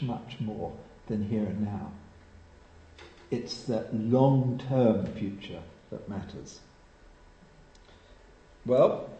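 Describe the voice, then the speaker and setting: A man from England preaching a sermon, telling stories with lively emphasis and dropping to a quiet hush at solemn points. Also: medium pitch, roomy sound, poor audio. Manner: animated storytelling, drops to a hush for solemn moments.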